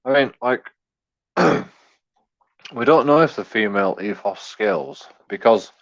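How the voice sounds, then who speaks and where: A man's voice: medium pitch, lively intonation, slow, creaky, dull audio. An English man ranting casually, full of swearing and stumbling restarts. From England. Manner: profane, rambling, stumbling repeats, chuckling. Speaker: YouTube commentator. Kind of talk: casual rant.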